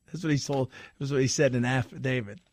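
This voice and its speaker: A talk radio host with a medium-pitched voice riffs on the news at a fairly quick clip, animated and mocking, slipping into exaggerated quoted voices. The recording is clean studio sound with no room sound.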